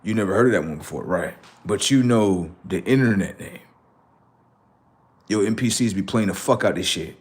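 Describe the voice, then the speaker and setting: The livestream host has a low, somewhat breathy voice and speaks at normal speed. His banter is heated and argumentative, packed with mockery, slang, and heavy swearing.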